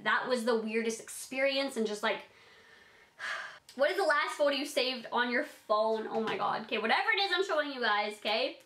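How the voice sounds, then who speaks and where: A woman's voice: a little high, lively intonation, normal speed, sharp tone, roomy sound, slight background noise. A young adult woman answering fan questions in a bubbly, rambling vlog chat, full of "like". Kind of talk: casual Q&A vlog.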